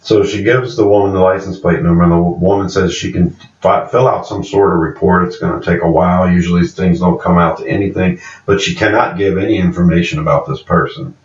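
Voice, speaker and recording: A man's voice: low voice, fairly even intonation, fairly quick, few pauses. A man reviewing a TV series in a casual, rambling recap, stopping now and then to correct himself on character names. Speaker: show reviewer. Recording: echoey, dull-sounding room from a distance.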